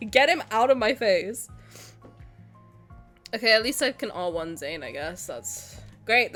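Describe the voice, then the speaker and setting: A woman streamer swearing playfully and ranting in mock anger while she plays a game and chats with her audience at home. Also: medium pitch. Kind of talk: live-streamed game play with chat.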